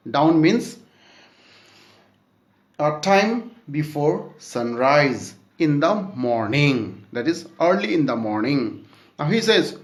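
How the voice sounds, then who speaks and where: A man's voice: a little high, sing-song, takes it slowly. A man teaching a class lesson, reading a story aloud and explaining word meanings, often checking in with "okay?". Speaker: school teacher.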